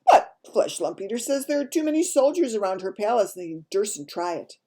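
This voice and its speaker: A woman's voice: medium pitch, sing-song, brisk, dark tone, pitched above the performer's own voice. A woman voicing a big kindly male giant who mangles his grammar and invents words. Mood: amused.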